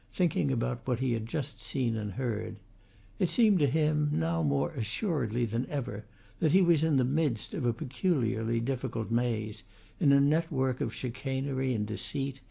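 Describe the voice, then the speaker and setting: A man reads a classic novel aloud in steady, measured narration. His voice is dark and heavily gravelly, with a husky edge. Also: medium pitch. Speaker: audiobook narrator. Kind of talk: scripted narration.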